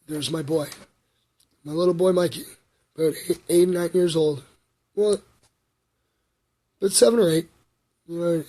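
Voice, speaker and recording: A man in his thirties with a husky voice, telling a personal story on a livestream in a rambling, halting way with many fillers. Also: fairly high pitch. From Canada. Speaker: vlogger.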